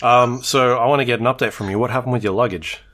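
A man, hosting a podcast and opening the show in a brisk, upbeat way. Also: medium pitch, steady tone, a bit bright, slight background noise. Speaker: podcast host. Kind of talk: casual chat.

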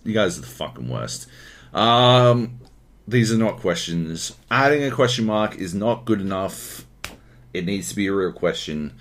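A man's voice: fairly low pitch, measured pace. An Australian man from Queensland co-hosting a podcast in casual chat, often swearing and ranting. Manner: swears a lot, animated ranting. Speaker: podcast co-host.

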